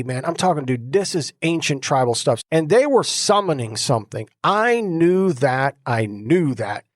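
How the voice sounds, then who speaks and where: A middle-aged man telling his personal deliverance testimony in a casual, animated way, dropping slang like bro and dude. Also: a little high, no echo, clean studio sound. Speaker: exorcist sharing his testimony.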